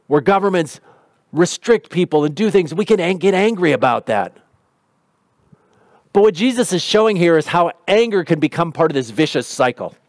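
A man's voice: high voice, no room sound, studio quality. A man preaching a sermon in an earnest, conversational way. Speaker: pastor.

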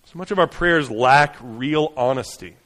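A man's voice: mid-range voice, big-room sound. Man preaching a conversational sermon. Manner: conversational preaching, frequent "right?" and "you know" asides; builds to fast, urgent runs, then drops soft and slow. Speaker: pastor.

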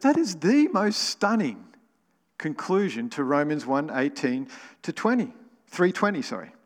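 Guy preaching slow in a church, lots of echo, gets loud and punchy sometimes. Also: mid-range voice. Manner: emphatic, rising to exclamations. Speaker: pastor. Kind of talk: sermon.

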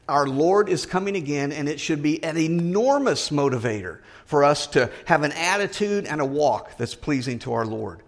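Emphatic, higher-pitched male preacher. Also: a bit bright. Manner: earnest, emphatic, rising high on stressed words. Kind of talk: sermon.

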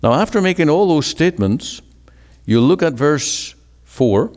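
A man's voice: on the high side, big pitch swings, unhurried, darkish tone. A man preaching a sermon with an emphatic, rising and falling cadence. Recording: long hall reverb.

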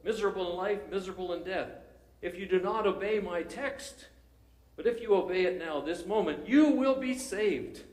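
A man voicing a fervent lay preacher who pleads loudly and repeats his plea, in a roomy, echoing space. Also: high-pitched, moderate pace, pitched above the performer's own voice, close to an everyday voice. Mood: urgent. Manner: loud, pleading, repetitive.

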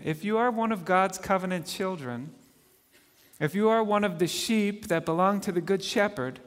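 High-pitched preacher man in a reverberant hall. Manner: earnest, swells and drops in volume, asks the listeners questions. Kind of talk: sermon.

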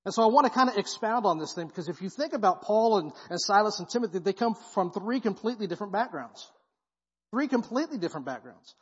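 A high-pitched man preaches a sermon in a church sanctuary, his husky voice carrying a long hall reverb. He talks in a casual, slangy way and keeps checking in with the congregation. The sound is dull and muffled. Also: lively intonation, quick pace. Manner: casual, slangy preaching with frequent "right?" asides. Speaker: guest pastor.

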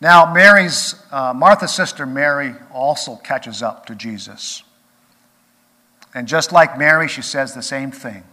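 A man preaching a sermon as pastor, earnest, rising to emphatic peaks and then dropping quiet. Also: mid-range voice, a little slow. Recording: long reverb of a large hall.

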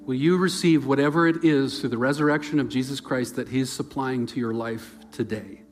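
Earnest pastor man, loud to hushed. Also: mid-range voice, fairly even intonation, a little fast, hardly any pauses, soft background music. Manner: earnest, swings from loud emphasis to near-whispered softness. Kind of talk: sermon.

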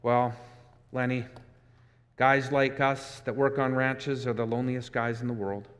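A preacher reading aloud as a tired, patient ranch worker who speaks deep and measured, as though repeating words said many times. A long reverb trails behind him in a large space. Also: male voice, little pitch movement, close to an everyday voice. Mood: weary, rhythmic. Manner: deeper, rhythmic retelling.

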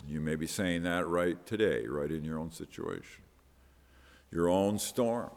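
A man's voice: low-pitched, a little slow, darkish tone. A man preaching a sermon on a Bible passage, earnest, often repeating words as he stresses a point. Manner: earnest, repeats words, quotes with rising emphasis. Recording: long hall reverb.

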